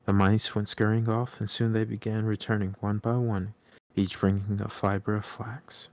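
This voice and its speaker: A man calmly reading a storybook aloud on a live stream. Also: lowish voice, moderate pace, dry recording.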